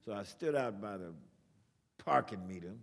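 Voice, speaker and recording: An older man speaking as a guest to an audience, telling a story in an animated way with sound effects and swearing. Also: on the low side, normal speed, gravelly. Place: lecture hall. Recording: long reverb in a large hall.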